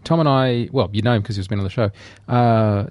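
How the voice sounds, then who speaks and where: A man's voice: fairly low pitch, fairly quick, a little mellow, no echo. A man co-hosting a filmmaking podcast in casual chat, asking questions and explaining his lens tests. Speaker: podcast co-host.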